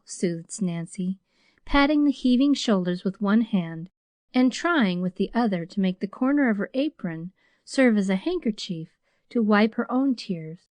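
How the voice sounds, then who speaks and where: A woman reads a classic novel aloud in a measured storytelling manner, her voice sitting mid-range for a woman. The recording is dry and close-miked. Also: mid-range voice, animated, darkish tone, no room sound. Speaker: audiobook narrator. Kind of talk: scripted narration.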